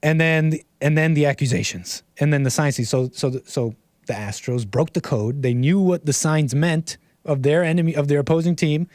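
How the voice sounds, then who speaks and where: A rambling, animated American man hosts a casual livestream. His voice sits somewhat high for a man, and the sound is dry and close to the mic with no room echo. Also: normal speed. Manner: rambling and animated, laughs often, reads chat aloud. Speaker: livestream host.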